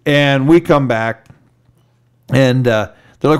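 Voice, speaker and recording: Clean in tone, medium in pitch and moderate in pace, this man co-hosts a podcast. He tells a long, meandering story casually, slipping into animated impressions of the people he quotes.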